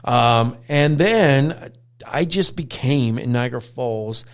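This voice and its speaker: Gravelly man telling a story. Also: medium pitch, takes it slowly. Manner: animated storyteller, acts out quotes, swears. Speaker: podcast host, dog trainer. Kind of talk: casual storytelling chat.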